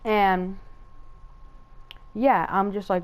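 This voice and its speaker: A woman with a middle-range voice tells a story as she plays a game. Her speech rambles and gets excited, and she often restarts her sentences and fills gaps with "like". She speaks close to a gaming headset. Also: medium pitch, moderate pace, poor audio. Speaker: gaming channel host. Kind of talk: casual story time over gameplay.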